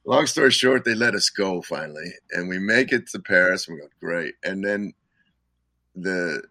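A man's voice: low voice, lively intonation, moderate pace, bright, forceful tone, dry recording. A man being interviewed as a guest musician, telling stories in a rambling way with frequent chuckles and restarts. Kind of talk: casual interview storytelling.

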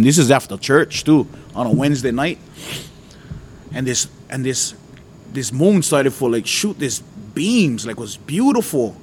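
Man, mid-pitched, earnest storyteller sharing a faith testimony. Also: expressive, measured pace, a little mellow, breathy edge. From Hawaii.

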